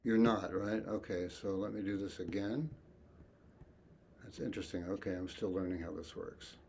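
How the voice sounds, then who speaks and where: A man teaching an online music lesson, speaking softly and thoughtfully and chanting rhythm syllables. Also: low voice, moderate pace, vocal fry, slight background noise.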